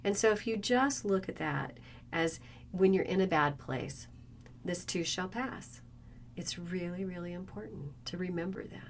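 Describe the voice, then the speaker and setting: A woman's voice: fairly low pitch, a little slow. A woman interview guest who runs a wellness business, speaking in a reflective and reassuring way. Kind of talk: conversational interview. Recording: faint background noise.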